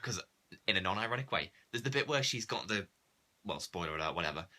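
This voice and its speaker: A man's voice: deep voice, lively intonation, quick pace, pushed and bright. A man, co-hosting a casual film review chat, sarcastic, acting out quoted characters. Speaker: podcast co-host.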